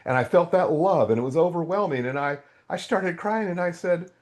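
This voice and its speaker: A man's voice: on the high side, lively intonation, fairly quick. A middle-aged man, a podcast guest, telling his faith story in a raw, candid way and acting out his own past outbursts. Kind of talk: candid testimony in an interview.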